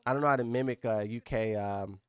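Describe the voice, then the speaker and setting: A man's voice: mid-range voice, fairly quick, clean tone, dry recording. A man hosting a live stream, chatting casually and rambling with his viewers. His voice jumps up when he is surprised.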